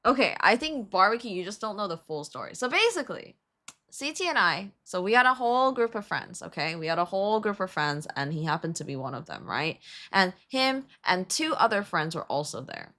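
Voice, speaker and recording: A woman streamer co-hosting with her husband, telling a story in casual chat, laughing and swearing freely. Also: fairly low pitch. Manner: animated, laughing, swears freely, many fillers.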